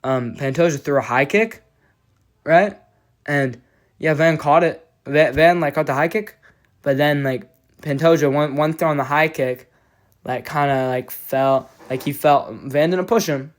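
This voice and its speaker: A man's voice: fairly high pitch, a little slow. Rambling, cursing man reacting to fights. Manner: rambling, profane, many restarts. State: agitated, frustrated. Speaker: MMA fan commentator. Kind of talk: casual reaction vlog.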